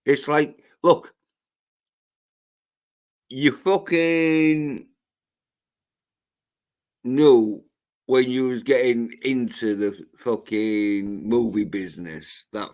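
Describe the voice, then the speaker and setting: A man ranting on his own livestream, swearing heavily and often stopping to restart his sentences. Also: fairly low pitch. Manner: profane, ranting, halting with restarts. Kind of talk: solo livestream rant.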